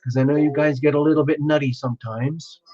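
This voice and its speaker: Male live-stream host, higher-pitched, bright and friendly, welcomes viewers one by one; muffled audio with music underneath. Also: steady tone, quick pace. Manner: cheerful, greets viewers by name with small laughs. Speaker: tarot reader hosting a live stream. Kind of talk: casual live-stream chat. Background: music playing.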